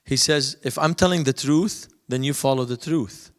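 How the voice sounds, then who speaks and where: In a reverberant hall, a man speaks at normal speed and medium pitch, giving a lecture with anecdotes as a conference speaker. He tells stories by acting out both sides of the dialogues.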